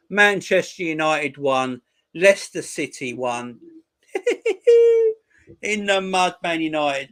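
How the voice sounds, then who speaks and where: A man in his forties with a fairly high-pitched voice, hosting a casual live stream and chatting with his viewers. He talks in loose, crude banter and openly mocks the teams he discusses. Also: pushed and bright. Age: 40s. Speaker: football channel host.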